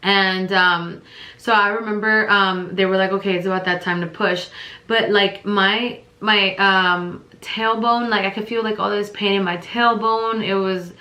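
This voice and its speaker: Young woman vlogger, bright voice, rambling chatty storyteller, echoey room. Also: mid-range voice, a little slow. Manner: rambling, many fillers, lively quoted voices. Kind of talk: casual storytelling.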